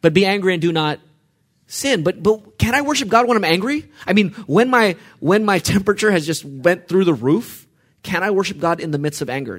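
A high-voiced man preaches from the Psalms, asking his listeners questions as he goes. Quiet passages of scripture give way to loud, emphatic outbursts.

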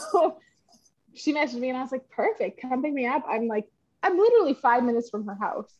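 A woman's voice: high-pitched, a little fast, low-quality recording. A woman co-hosting a podcast, telling a long story in casual chat, swearing freely and acting out the people in it. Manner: animated, swearing, laughing, acts out voices in her story. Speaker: podcast co-host.

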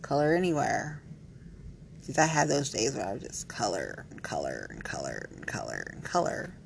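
Low, gravelly woman chatting playfully. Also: wildly swooping pitch, moderate pace, slight background noise, poor audio. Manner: rambling, playful and frank, heavy use of "like". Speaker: vlogger. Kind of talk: candid casual chat to camera.

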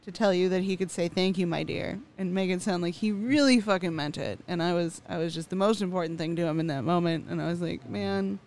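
Animated, foul-mouthed woman telling stories. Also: fast talker, hardly any pauses. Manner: animated storyteller, swears freely, acts out quotes with big jumps in pitch; laughs often between lines. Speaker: podcast co-host. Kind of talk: casual chat.

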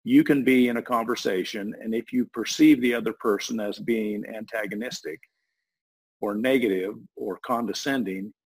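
Talking loosely through an idea about a voice technology, this guest keeps restarting his sentences in a casual explanatory way. He has a lowish, darkish voice with a breathy edge and speaks at normal speed. The audio is poor.

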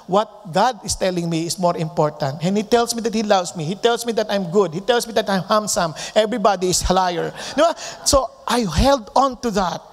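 High-voiced Filipino pastor preaching. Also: male voice, long reverb tail. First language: Tagalog. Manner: switches between English and Tagalog, acts out quotes in varied voices. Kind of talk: sermon.

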